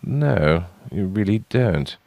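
A man's voice: sits low, sing-song, slow pace, creaky, a little mellow, dry recording, exaggerated voice. A man voicing a weary but proud young royal half-brother, earnest as he explains.

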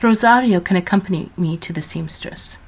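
A headstrong young woman, curt and quick to bristle, in a storybook tale, voiced by a woman narrator. Her replies come sharp and impatient. Her tone stays fairly low for a woman. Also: husky.

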